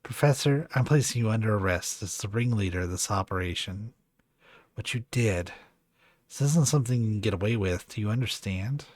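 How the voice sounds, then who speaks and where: Man reading a young policewoman, firm, insistent, low slow voice, dry. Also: a little mellow, no room sound, close to an everyday voice.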